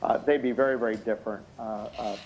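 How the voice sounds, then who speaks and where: A tired, slightly hoarse man giving expert courtroom testimony over a video call, explaining things in a measured way with many hesitant fillers. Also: fairly low pitch, steady tone, a little mellow, a little hiss or hum. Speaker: expert witness. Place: indoor room at night. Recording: muffled video call audio.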